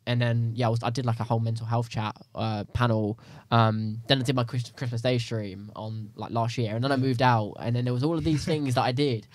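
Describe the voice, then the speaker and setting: A young man, a podcast guest, talking in a rambling, animated way in casual chat. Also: medium pitch, no room sound. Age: young adult. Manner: fast, rambling, animated storytelling.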